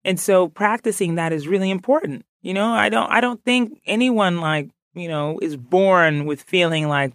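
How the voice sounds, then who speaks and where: A woman from Ghana, a podcast guest, chatting in an animated, playful way and laughing often. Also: lowish voice, moderate pace, hardly any pauses, dry recording, clean studio sound. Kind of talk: casual interview chat.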